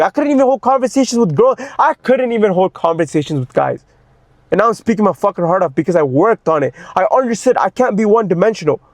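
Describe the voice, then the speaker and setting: A man's voice: sits high, dry recording, studio quality. A young man and fitness coach in an unscripted personal monologue, intense and ranting, swearing heavily and repeating himself as he gets worked up. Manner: repeats words when worked up.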